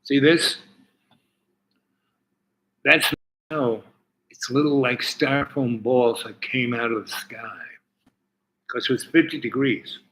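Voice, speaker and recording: A man's voice: medium pitch, slow pace, pauses often, a bit bright, poor audio. Rambling, profane man telling a story. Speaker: livestream host. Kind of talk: casual storytelling.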